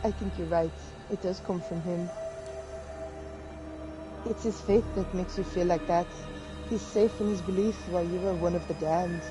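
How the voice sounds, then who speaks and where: A woman voicing a calm, knowing, old-fashioned male vampire in a tabletop game. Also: on the low side, normal speed, pauses often, music in the background, lightly acted, rough recording.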